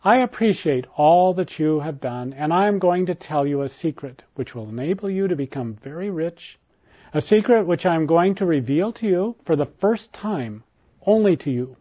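A man's voice: on the high side, animated, normal speed. A man voicing a proud young prince who speaks earnestly and turns urgent and commanding, read as part of a storybook tale. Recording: dull lo-fi recording.

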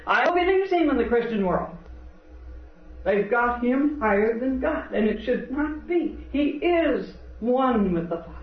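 High-voiced preaching man on an old tape. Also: expressive, unhurried. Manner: earnest, preaching cadence, scripture quotes. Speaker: spiritual teacher. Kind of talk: sermon with parables. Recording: dull, roomy, distant old lecture tape.

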